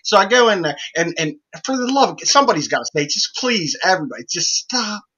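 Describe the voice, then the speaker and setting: A bright, tense male voice with a husky edge, running a casual profane chat. He tells stories in an animated way and his voice shoots up on each punchline. He is a co-host trading jokes. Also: quick pace. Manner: animated storyteller, rising pitch on punchlines, heavy swearing. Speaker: podcast co-host.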